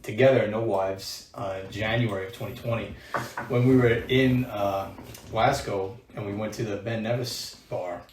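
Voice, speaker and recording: A man's voice: on the low side, fairly even intonation, moderate pace. A man, a podcast co-host, chatting casually and teasing his friend with short remarks. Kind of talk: casual chat. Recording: echoey, distant mic, faint hiss.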